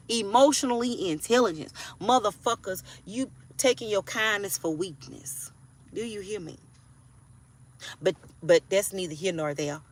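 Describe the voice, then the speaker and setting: Blunt, cussing woman in her forties. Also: mid-range voice. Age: 40s. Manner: blunt, profane, preachy, keeps asking "do you hear me?". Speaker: tarot reader. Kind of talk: casual tarot reading for a sign.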